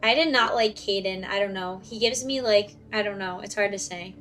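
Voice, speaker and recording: A young woman streams a video game from home on a desk mic, giving casual, chatty, giggly commentary in a medium-pitched, slightly bright voice at a moderate pace. She pokes fun at herself, with game music in the background.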